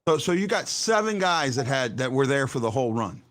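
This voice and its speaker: A man hosting a casual sports fan show, talking in an animated way and stumbling over repeated words as he makes his points. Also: mid-range voice, brisk. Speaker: host.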